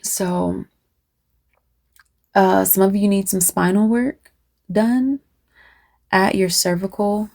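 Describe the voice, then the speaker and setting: A woman's voice: medium pitch, steady tone, gravelly, darkish tone. A woman channeling a spiritual message to her viewers. She talks unscripted and meanders, with many fillers and restarts, and keeps checking in with "right?". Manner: addresses viewers directly, asks "right?"; pauses to consult spirit.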